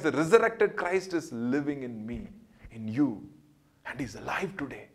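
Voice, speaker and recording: A man giving an earnest Bible study, repeating phrases for emphasis and building up on key points before dropping soft at the ends of lines. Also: on the high side. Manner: rises and swells on key points, drops soft at line ends. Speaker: Bible teacher.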